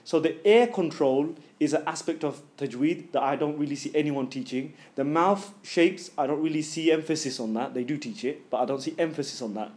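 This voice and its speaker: A man's voice: a little high, fairly quick, hardly any pauses, a little mellow. A man teaching Quran recitation in a casual classroom style, voicing sounds aloud to show them and checking in with "yeah?" as he goes. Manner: chatty, keeps checking in with "yeah?". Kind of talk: informal classroom lesson.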